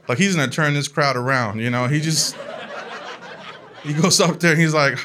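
A man telling a comic family story in an animated way, laughing along as he talks. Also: mid-range voice, moderate pace. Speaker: comedian. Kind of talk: comedic storytelling.

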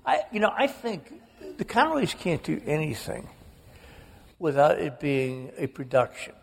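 A man in his sixties from the American South, an author telling lively family stories as an interview guest, sometimes slipping into quoted voices. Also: on the high side, a little slow, vocal fry, in a large hall, a little hiss or hum. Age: 60s. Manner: animated storyteller, slips into quoted voices. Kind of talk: storytelling interview.

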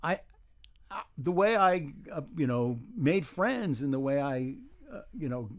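A man's voice: on the high side, animated, a little slow. A man in his seventies from New York, a guest in a radio interview, telling stories in a wry, rambling, self-deprecating way. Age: 70s. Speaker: guest, humor writer. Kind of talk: casual interview chat.

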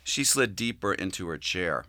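A man narrating a novel in an expressive, varied way on a close studio mic. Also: sits low, moderate pace, no echo. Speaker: audiobook narrator.

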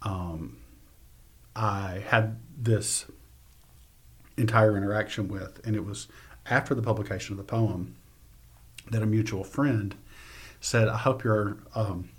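A man reading his poetry and telling stories in an interview, soft-spoken and often trailing off. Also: fairly low pitch, a little slow, pauses often, slightly rough. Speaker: poet and interview guest.

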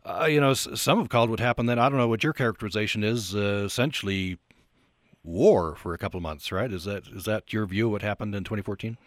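Low-voiced, hesitant radio host. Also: male voice, fast talker, no echo, studio quality. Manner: hesitant, restarting questions. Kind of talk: radio interview.

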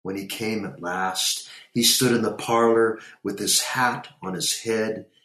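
A man narrating a story in a measured, unhurried reading. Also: lowish voice, steady tone, sharp tone, echoey room.

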